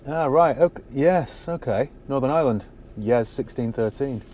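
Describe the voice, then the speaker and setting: A man's voice: medium pitch, normal speed, dark tone, slight background noise. A man giving a casual, dry-humoured walkaround of a used car he has bought, talking from inside the parked car on a cold day. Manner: dry, wry asides.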